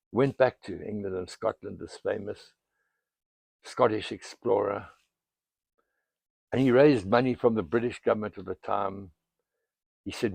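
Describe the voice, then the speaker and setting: An older man from South Africa, an explorer telling history as a dramatic storyteller, with a gravelly, husky voice and bursts of emphasis. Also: fairly low pitch, darkish tone, no echo. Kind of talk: storytelling monologue outdoors.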